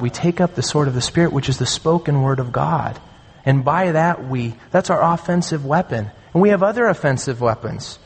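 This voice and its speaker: A man's voice: a little high, slightly rough. Earnest preaching man in a reverberant hall. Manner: earnest, emphatic preaching with slow stressed phrases. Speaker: pastor. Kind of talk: sermon.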